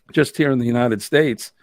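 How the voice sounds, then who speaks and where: A man's voice: medium pitch, creaky, no echo, studio quality. A man from New England with a Boston accent, hosting a live stream, chatting in a rambling way and answering viewer comments. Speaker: host.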